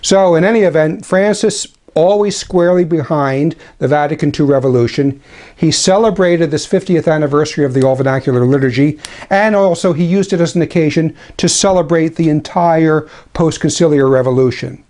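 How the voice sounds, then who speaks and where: Man, slightly high voice, measured spoken commentary, dry ironic asides, slow careful quoting. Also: a little mellow. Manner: deliberate, slows for quoted passages; dryly critical, ironic asides. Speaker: traditionalist Catholic commentator.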